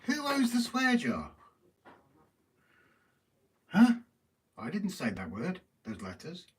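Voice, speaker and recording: This British livestream co-host speaks slowly in a high-pitched voice that swoops wildly up and down. He chats casually, reads out viewer comments, and banters teasingly, heard from a distance with faint noise.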